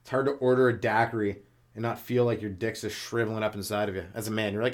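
A man's voice: steady tone, fast talker. A man doing a loose, rambling stand-up comedy monologue on his podcast, self-mocking and jumping into silly voices, with a smoker's cough. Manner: loose and self-mocking, acts out silly characters in jumps of pitch.

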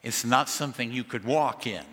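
A man preaching a sermon through a sound system, telling the story dramatically with lively asides. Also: medium pitch, moderate pace, big-room sound. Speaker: pastor. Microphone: amplified through a sound system.

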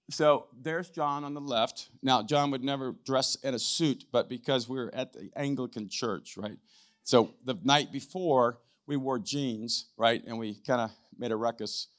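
With a lowish voice, an older man recounts a testimony as a guest in a church hall at a live event. His telling is loose and chatty, sprinkled with throat-clearing and the habitual tag "right?"

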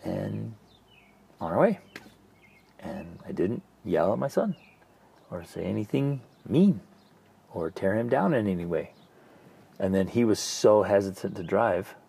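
A middle-aged man tells a story on a talk show, his low voice gravelly and a little husky. His pitch swings widely as he acts out his own thoughts, often restarting his sentences. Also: very animated, a little slow, pauses often, dark tone. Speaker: podcast co-host. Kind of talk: casual storytelling chat.

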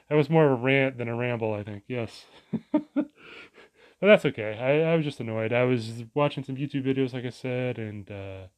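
A man's voice: medium pitch, a little mellow. Exasperated man ranting with profanity. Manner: profane, exasperated, rambling with restarts. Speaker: vlogger. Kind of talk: casual rant to camera.

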